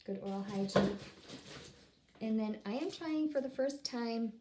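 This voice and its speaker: A bubbly woman with a slightly high voice chats her way through an unboxing at home. She talks slowly and rambles, often stopping mid-thought to restart. Faint noise sits behind her. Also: dark tone. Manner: chatty, rambling, trails off and restarts mid-sentence; bubbly and upbeat. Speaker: vlogger. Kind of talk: casual unboxing chat.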